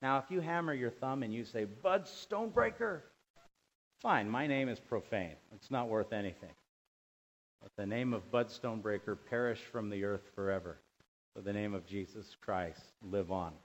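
A man preaching a sermon as pastor, animated, dropping to quiet asides and rising to loud emphatic bursts. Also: fairly low pitch, normal speed. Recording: dull lo-fi sound.

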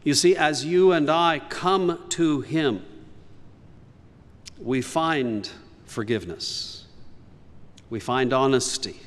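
A man's voice: mid-range voice, slow, pauses often, big-room sound. A man preaching a sermon as pastor, earnest and emphatic, rising on key lines.

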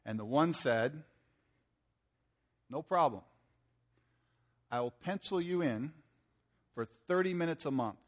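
A man's voice: fairly high pitch, slow pace, long pauses. Folksy preacher man telling a story. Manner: folksy, animated storytelling with acted-out quotes. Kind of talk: sermon storytelling.

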